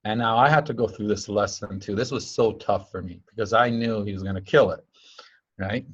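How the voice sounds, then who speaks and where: A man's voice: lowish voice, a little fast, fairly bright tone, husky. Rambling man teaching, lo-fi sound. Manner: rambling, repeats himself, broken grammar; acts out quoted people in a raised voice. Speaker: spiritual teacher. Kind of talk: informal teaching talk with storytelling.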